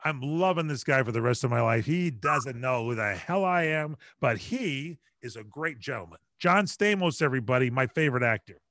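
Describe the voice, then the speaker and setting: A middle-aged man, a radio broadcaster, telling stories in a lively, joking way over a video call. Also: mid-range voice, no echo. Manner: lively, chatty, quick to joke. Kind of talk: animated storytelling in conversation.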